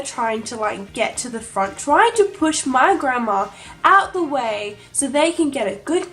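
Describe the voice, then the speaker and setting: A young woman tells a vlog story, gushing and breathless, with "like" in nearly every line. Her voice sits high. Faint music plays under her talk. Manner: gushing, breathless, heavy use of "like". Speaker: vlogger.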